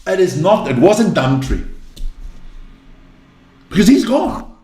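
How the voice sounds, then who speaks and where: A man's voice: high-pitched, very animated, slow pace, mellow, reverberant. A man hosting a rugby chat show, ranting and swearing, from South Africa. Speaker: rugby channel host. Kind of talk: heated casual chat.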